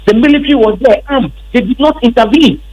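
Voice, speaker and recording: A man's voice: very high voice, brisk, darkish tone, highs cut off. A man with a Ghanaian accent, a member of parliament, emphatically recounting events in an interview. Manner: emphatic, repetitive storytelling.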